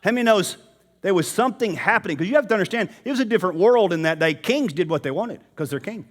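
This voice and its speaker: Fast and expressive, this man's high voice delivers a sermon in church. He keeps it casual, speaking directly to the people in the pews.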